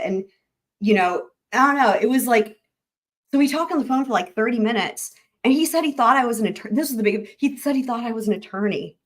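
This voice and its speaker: A woman hosting a live-stream recap, chatting excitedly and rambling with lots of restarts. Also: fairly high pitch, brisk. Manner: addresses viewers directly as y'all. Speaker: YouTube trial-recap host. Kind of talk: live-stream chat with viewers.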